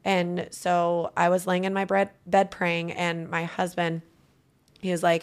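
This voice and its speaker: A woman's voice: fairly low pitch, level tone, unhurried, clean tone. A woman giving a guest interview, telling a personal story in an earnest, emotional way.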